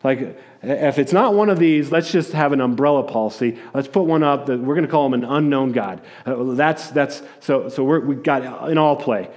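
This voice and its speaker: Preaching at normal speed, a pastor with a medium-pitched, darkish voice delivers his sermon like a conversation full of stories. He restarts his words often and performs the voices within quotations.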